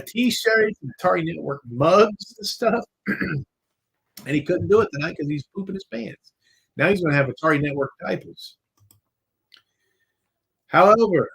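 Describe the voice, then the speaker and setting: On a casual live-stream chat, a man hosting a live podcast rambles and jokes, swearing now and then. His voice is a little high, creaky, a bit bright, and slightly rough, and the audio quality is poor.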